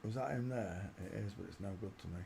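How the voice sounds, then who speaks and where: A man with a lowish, gravelly voice hosts a casual livestream at a quick pace, commenting as he searches through images. He often mutters quietly to himself and then bursts into loud laughter, with background noise audible.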